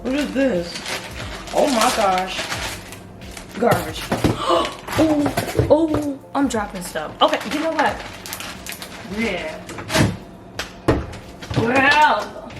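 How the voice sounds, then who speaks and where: A young woman with a hoarse voice, chatting casually to her camera at home and calling the viewer "girl" and "y'all". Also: a little high, lively intonation, extremely slow, long pauses, recorded from a distance. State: hoarse from singing. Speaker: vlogger. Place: home apartment, kitchen and bathroom. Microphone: camera on a tripod. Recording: echoey room with music behind.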